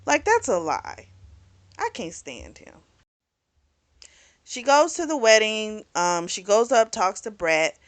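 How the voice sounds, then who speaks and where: Woman, book reviewer, casual recap, blunt, swears freely, animated, mid pitch. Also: takes it slowly, long pauses. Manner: blunt, profane, talks back at the characters; animated storytelling with lots of fillers.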